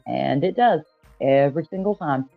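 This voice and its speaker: A man from Georgia explaining things in a calm, measured way during a casual call-in chat. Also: on the high side, creaky, no echo, phone-quality sound, soft background music.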